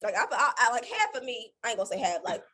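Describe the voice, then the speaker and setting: A woman's voice: fairly high pitch, sing-song, quick pace, sharp tone, slightly rough. A woman co-hosting a casual storytime chat, rambling and interrupting herself as she tells her side. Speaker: co-host.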